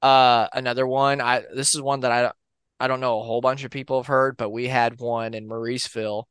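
A man tells urban legends as a podcast co-host, easygoing and rambling. His voice is smooth and clear, sitting in the middle range for a man. The recording is close and dry, with no room sound. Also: mid-range voice, fairly quick, no echo. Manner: relaxed, rambling with fillers and restarts. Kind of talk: casual storytelling of urban legends.

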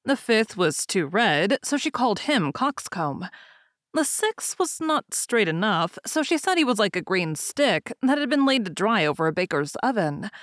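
A woman narrating a fairy tale aloud in a calm, even storytelling manner. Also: mid-range voice, no echo, clean studio sound.

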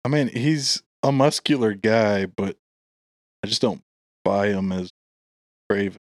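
A man's voice: lowish voice, unhurried, no echo, clean studio sound. A man in casual podcast chat, jokey and sarcastic. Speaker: podcast co-host.

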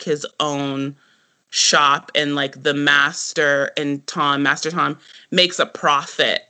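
A man co-hosting a casual podcast discussion, talking in an animated way, full of "like" and quick laughs. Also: on the high side. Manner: animated, heavy use of "like", frequent laughter. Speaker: podcast co-host.

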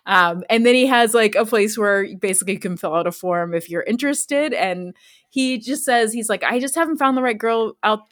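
A woman's voice: fairly high pitch, normal speed, a bit bright, no echo, studio quality. A woman co-hosting a podcast, recounting a news story in a rambling, giggly, casual way. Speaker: podcast co-host.

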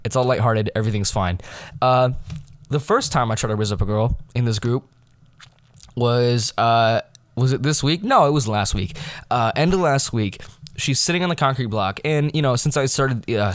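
A man's voice: lowish voice, dry recording, studio quality. A teenage boy hosting his own podcast, telling stories in a rambling, self-deprecating way with lots of fillers and restarts. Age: teens. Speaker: podcast host. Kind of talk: casual storytelling monologue.

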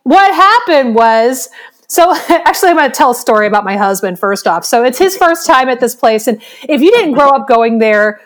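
A woman's voice: sits high, lively intonation, normal speed. A woman co-hosting a podcast, telling a rambling story in casual chat and often breaking into laughter. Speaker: podcast co-host.

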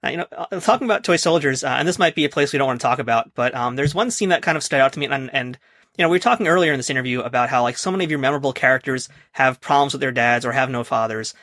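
A man's voice: medium pitch, rapid-fire, a bit bright, dry recording, clean studio sound. A man hosting a podcast, asking rambling, hesitant questions full of fillers. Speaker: podcast host, interviewer. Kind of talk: casual interview questions.

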